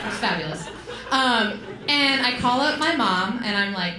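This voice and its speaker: A woman's voice: on the high side, animated, unhurried. A woman performing a chatty stand-up comedy set on a club stage, swearing and throwing in um fillers. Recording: echoey club with crowd laughter. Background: laughing audience.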